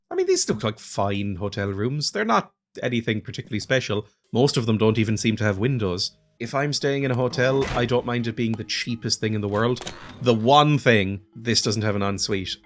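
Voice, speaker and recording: A man's voice: medium pitch, fairly bright tone, slight background noise. A man hosting a let's play, giving casual, chatty commentary that mocks himself as he plays. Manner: chatty, self-mocking, laughs often.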